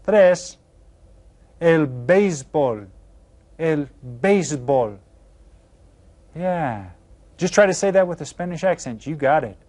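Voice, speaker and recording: Upbeat man teaching Spanish to children. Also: on the high side. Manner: upbeat, cues students with counts, slow careful Spanish words. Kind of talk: recorded classroom video lesson for children.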